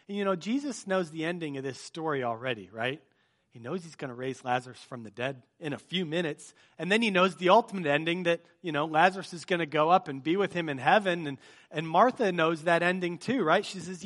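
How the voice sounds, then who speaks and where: A man pastor giving a sermon, reading scripture aloud and breaking into lively, joking storytelling asides. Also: on the high side, a little fast.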